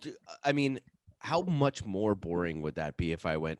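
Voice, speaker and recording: A man's voice: low-pitched, big pitch swings, moderate pace, dry recording, clean studio sound. A man co-hosting a podcast in casual chat, rambling, stammering and joking. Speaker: podcast co-host.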